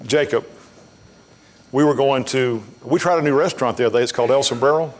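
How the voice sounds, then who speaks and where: A male pastor speaks a little fast in a mid-range voice, bluntly spinning folksy stories before rising into emphatic preaching. He's in a church sanctuary, and long church hall reverb fills the recording.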